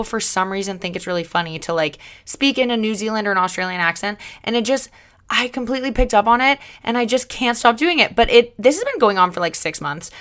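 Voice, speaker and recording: Bubbly woman hosting a solo podcast. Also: mid-range voice. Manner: bubbly, chatty and upbeat, with excited loud greetings; encouraging, motivational pep talk. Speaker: podcast host. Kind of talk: solo podcast monologue, casual chat.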